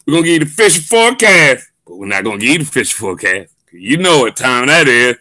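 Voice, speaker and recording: A man hosting a live football show, loud and hyped, often shouting and stretching his words. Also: medium pitch, sing-song, fast talker, dry recording. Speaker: host. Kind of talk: excited live sports show chat.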